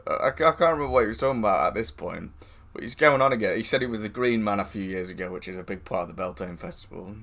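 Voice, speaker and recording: A man's voice: lowish voice, fast talker, fairly bright tone. A man streaming live, telling a rambling anecdote with lots of swearing, laughing and quoted voices. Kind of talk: casual storytelling.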